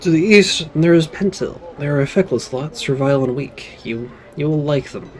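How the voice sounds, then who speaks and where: Proud wary tribe chief from a game, clipped and measured, guy reading it out. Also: a little high, slight background noise, natural voice, low-quality recording. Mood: stern. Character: proud wary male servile tribal leader.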